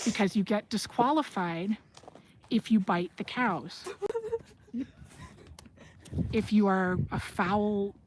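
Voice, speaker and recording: A woman hosting a casual livestream, chatting, telling animated stories and reading chat questions aloud. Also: mid-range voice, slow pace, pauses often, a little hiss or hum, poor audio. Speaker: host of a livestream. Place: outdoors at a horse barn.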